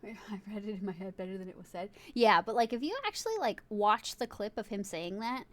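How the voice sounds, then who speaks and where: A woman's voice: medium pitch, expressive, fairly quick. A woman streaming live, chatting casually and giggling, swearing freely as she talks to her viewers and a friend in chat.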